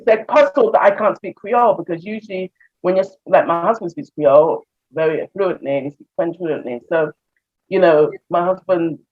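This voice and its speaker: A woman's voice: on the low side, normal speed. A woman from England with an English accent, a counselor chatting as an interview guest, laughing often and acting out conversations. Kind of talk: casual video-call interview. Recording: muffled lo-fi audio.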